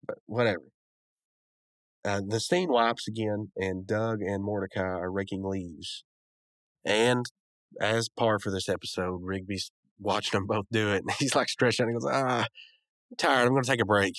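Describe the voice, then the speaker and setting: A man's voice: fairly low pitch, fairly even intonation, moderate pace, no echo. A man hosting a podcast, casually recapping a cartoon episode with rambling asides and chuckles. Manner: rambling, chuckling, lots of fillers. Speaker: podcast host.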